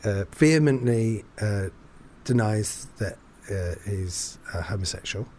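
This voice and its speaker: A man's voice: fairly low pitch, lively intonation, measured pace, a little mellow. A man telling a story in casual chat, rambling, restarting his sentences often and laughing between them.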